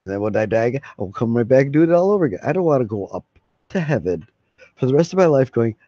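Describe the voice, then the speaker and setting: A man's voice: medium pitch, big pitch swings, quick pace, dark tone, dry recording. A man live streaming, chatting casually to his viewers in a rambling, folksy way and swearing freely. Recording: dull lo-fi mic.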